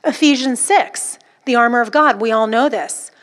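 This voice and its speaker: A woman delivers a sermon with fervent emphasis in a high, bright voice at normal speed. Her pitch climbs as she builds toward a point, then drops low and quiet whenever she quotes scripture.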